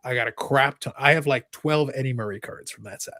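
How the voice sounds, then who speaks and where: A man hosting a casual live podcast, reading viewer comments and getting excited as he chats. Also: medium pitch, no echo, clean studio sound. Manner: fast, excitable, reads viewer comments aloud. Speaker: podcast host.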